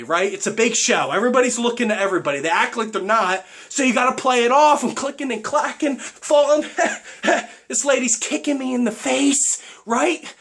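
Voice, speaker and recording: Very high-voiced man ranting. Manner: excitable, profane, keeps asking "right?". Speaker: fitness vlogger. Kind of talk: comedic gym rant.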